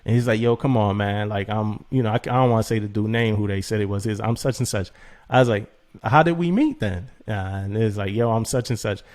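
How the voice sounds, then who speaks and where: A man co-hosting a podcast, telling a story in a loose, animated way, acting out text messages and laughing often. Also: fairly low pitch, fairly quick. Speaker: podcast co-host. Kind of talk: casual podcast chat.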